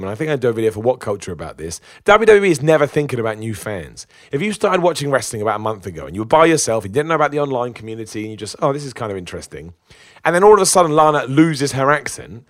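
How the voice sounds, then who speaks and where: Male reviewer, opinionated and chatty, fast delivery, dry mic. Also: medium pitch, dry recording. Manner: chatty, opinionated, with restarts and laughs. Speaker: wrestling show reviewer. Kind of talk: casual spoken review.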